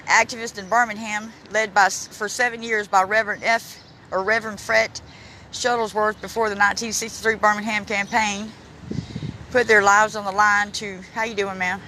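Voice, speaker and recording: A man on a casual walking-tour vlog, filming outdoors in a city park on a handheld phone, reading signs aloud haltingly with stumbles and restarts, and he is emotional, close to tears. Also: high voice, level tone, pushed and bright, a little hiss or hum, low-quality recording. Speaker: vlogger giving a walking tour.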